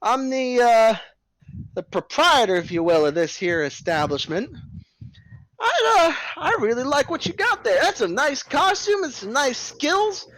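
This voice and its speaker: Pushy circus ringleader, high and bouncy, voiced by a man. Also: sing-song, a bit bright, dry recording, heavily acted, rough recording. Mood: eager. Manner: fast-talking, wheedling salesman patter. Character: pushy short fat male ringleader, eager showman.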